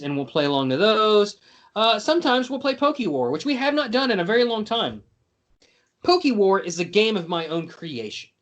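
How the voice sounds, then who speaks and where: A man hosting a podcast in casual chat, joking and rambling as he explains a game. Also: sits high. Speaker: podcast host.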